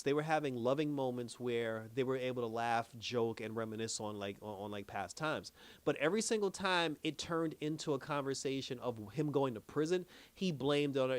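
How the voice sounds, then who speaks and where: A man's voice: medium pitch, animated, fairly quick, no room sound. A man reviewing a TV episode in a casual chat. He retells the scenes with lots of quoted lines and chuckles often. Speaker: show reviewer. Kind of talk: casual recap.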